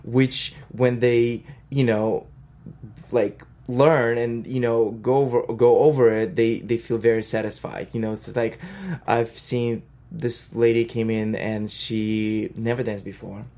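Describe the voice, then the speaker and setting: A woman with a Russian accent, a professional dancer and choreographer, chatting in an interview with lots of fillers and quick bursts. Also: very deep voice, flat delivery, mellow. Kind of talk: casual interview talk.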